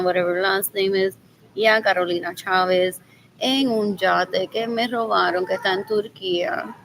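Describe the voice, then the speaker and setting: A woman's voice: mid-range voice, slight background noise, low-quality recording. A woman vlogging in a loose, rambling monologue, muttering scornful remarks and repeating the same phrases over and over. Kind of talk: casual rambling monologue to viewers.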